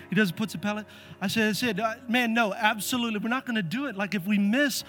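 Middle-aged man preaching in church, higher voice, lively and playful telling of stories. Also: fast, soft background music. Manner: animated, acts out voices in stories. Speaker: pastor. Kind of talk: sermon with storytelling. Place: church sanctuary.

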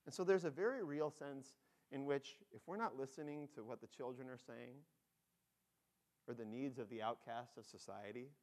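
A pastor preaching a sermon, telling the story with feeling, acting out excited voices and dropping soft on key points. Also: male voice, mid-range voice, moderate pace.

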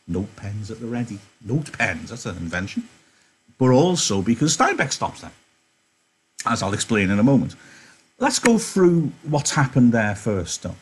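A man's voice: lowish voice, sing-song, moderate pace, breathy edge, poor audio. A male teacher explaining a novel to a class in a chatty way, with apologetic asides and self-corrections.

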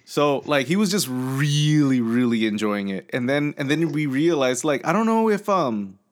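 Speaking at normal speed with a medium-pitched, expressive voice, this man co-hosts a casual podcast chat. His long story wanders, packed with fillers and restarts, and he performs the quotes of the people involved.

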